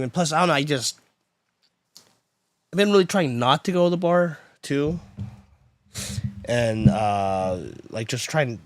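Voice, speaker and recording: A man talks casually to his viewers as he fights with broken streaming software, venting and muttering to himself. His pitch swings widely, leaping up in outbursts and sinking into low grumbles. The sound is dry and close, with no room around it. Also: no room sound. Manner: frustrated, exasperated, swings between loud outbursts and muttering; chats with viewers while troubleshooting. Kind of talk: casual live-stream chat.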